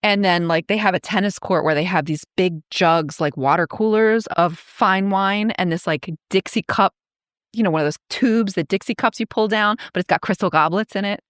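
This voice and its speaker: A woman's voice: medium pitch, normal speed, clean tone, dry recording, clean studio sound. A woman co-hosting a podcast, retelling a film's plot in casual chat, laughing often as she acts out the characters' lines. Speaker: podcast co-host.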